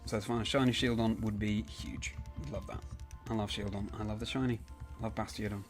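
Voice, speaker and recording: A man's voice: on the low side, fairly even intonation, a little fast, faint music behind. A young man chatting casually on a live stream, rambling and correcting himself as he answers viewers by name.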